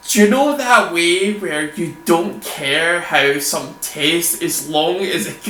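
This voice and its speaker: A man's voice: fairly high pitch, sharp tone. A man talking casually over his gameplay, rambling and swearing, laughing often as he chats. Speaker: gameplay video host. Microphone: desk microphone. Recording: echoey room with faint hum.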